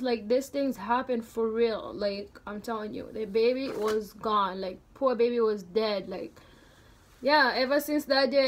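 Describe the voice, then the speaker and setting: A young woman vlogger casually telling a story, animated and slangy, with lots of "like" fillers. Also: sits high.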